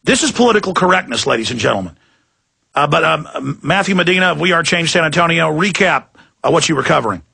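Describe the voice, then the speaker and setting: A man's voice: fairly high pitch, expressive, quick pace, creaky, bright, forceful tone, slightly rough. A man hosting a talk radio show, speaking in a heated, emphatic monologue and repeating words as he gets worked up.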